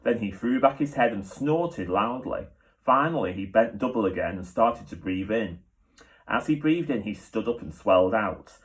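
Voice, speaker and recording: A man, a teacher, reading a children's book aloud with steady, clear storytelling. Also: on the low side, moderate pace.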